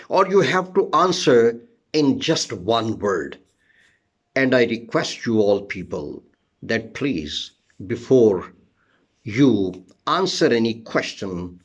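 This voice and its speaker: In a medium-pitched voice, a man teaches an English listening test lesson step by step. He spells words out letter by letter and repeats key terms.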